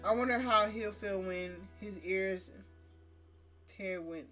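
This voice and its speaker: A woman's voice: mid-range voice, natural voice. Woman doing a cruel witch queen, menacing and gloating, game read-aloud with music behind. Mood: gloating menace. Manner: slow, menacing, gloating taunts. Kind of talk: reading a game's lines aloud.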